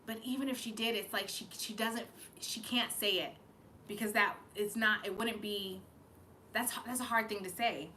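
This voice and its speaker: Woman, live-stream psychic reader; bright, pressing tone; tearful, rambling, profane. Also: medium pitch, fairly even intonation, moderate pace, a little hiss or hum. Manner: emotional, rambling, with frequent swearing and restarts. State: fighting back tears. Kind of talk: live-streamed channeled reading.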